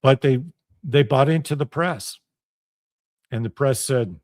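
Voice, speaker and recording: A man's voice: mid-range voice, lively intonation, measured pace, pauses often, no room sound, clean studio sound. A middle-aged man hosting a radio show, delivering a heated, profane solo monologue with an intense, ranting manner.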